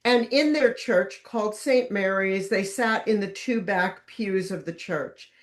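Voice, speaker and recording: A woman giving an author's talk, narrating over slides in a lively, wry storytelling manner with emphatic stresses. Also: mid-range voice, a little slow. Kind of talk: illustrated lecture with slides.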